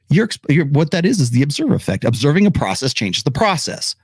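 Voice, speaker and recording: A male podcast host giving casual, opinionated commentary, animated and blunt, with occasional swearing. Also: a little high, fast talker, hardly any pauses, husky, no echo. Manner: animated, acts out quoted voices, swears.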